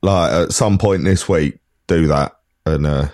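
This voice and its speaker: A man's voice: rumbling low, a little slow, a little mellow. A Cockney man in his forties co-hosting a podcast in casual chat, laid-back and slangy with frequent laughs. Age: 40s. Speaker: podcast co-host.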